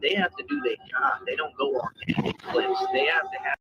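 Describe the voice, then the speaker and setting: A man's voice: high-pitched, huge pitch swings, a little fast, breathy edge, no room sound. A man delivering a confrontational, profane rant, taunting and repeating his challenges. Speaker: ranting video poster. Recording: lo-fi clip under loud music.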